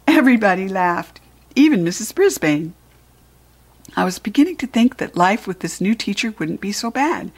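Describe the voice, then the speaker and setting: Woman narrator, children's audiobook; expressive, playful, mid-pitched. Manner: expressive, playful first-person storytelling.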